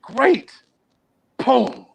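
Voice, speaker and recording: A man performing spoken word poetry at a virtual open mic, full of playful wordplay and swinging from low murmurs to raised shouts. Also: very slow, heavy background noise. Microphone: video call.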